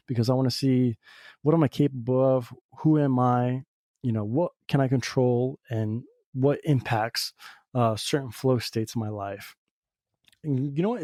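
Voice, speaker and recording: A podcast host who lives in Southern Oregon speaks in a mellow, mid-range voice, recorded in studio quality with no room sound. He talks through a personal, reflective monologue in a rambling way, full of "you know" fillers.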